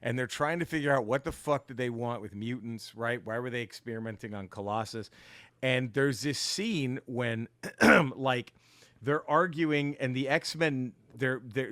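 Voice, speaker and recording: A man co-hosting a casual podcast, retelling comic book plots in an animated, profane way with lots of restarts. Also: medium pitch. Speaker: podcast co-host.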